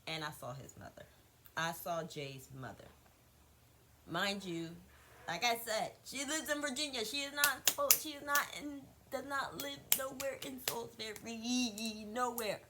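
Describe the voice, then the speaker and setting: A young woman vlogger telling a gossipy storytime, animated and repetitive, swearing freely. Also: a little high, a little slow, background noise.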